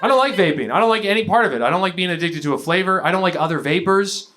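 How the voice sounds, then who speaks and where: A Canadian man with a high, fairly bright voice talks fast through a stand-up set at a comedy venue. His rambling, self-deprecating bits break into character voices for people in his stories as the live audience laughs.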